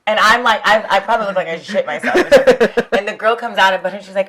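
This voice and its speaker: A young adult woman, a fitness trainer, chatting in an interview, an animated storyteller who laughs often and swears freely. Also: medium pitch, quick pace, few pauses. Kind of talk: casual interview chat.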